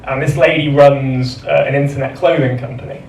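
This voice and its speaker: A man doing a dry, deadpan stand-up set in a comedy club, pausing before each punchline. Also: medium pitch. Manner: dry, deadpan delivery with measured pauses. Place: comedy club stage with laughing audience. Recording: roomy live club sound from a distance, audience noise.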